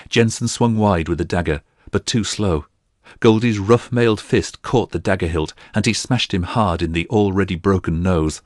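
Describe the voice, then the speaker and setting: A man narrating a fantasy audiobook in a steady storytelling delivery. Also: low voice, no room sound, studio quality.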